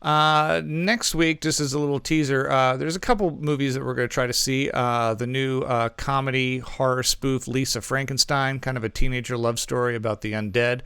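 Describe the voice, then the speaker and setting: Chatty man reviewing films, smooth dry voice. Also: mid-range voice, steady tone, normal speed, few pauses, pushed and bright, no echo. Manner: rambling, self-correcting, with frequent ums and asides. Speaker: podcast co-host reviewing movies. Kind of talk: casual movie review chat.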